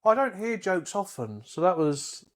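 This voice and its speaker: A man's voice: high-pitched, very animated, unhurried. A man, co-hosting a podcast and telling rambling jokes with lots of hesitations. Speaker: podcast co-host. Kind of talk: casual chat, joke telling.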